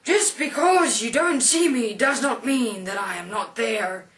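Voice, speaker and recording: A woman voicing a huge, stern angel at heaven's gate who gives loud, booming commands. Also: animated, unhurried. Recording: voice distant from the mic.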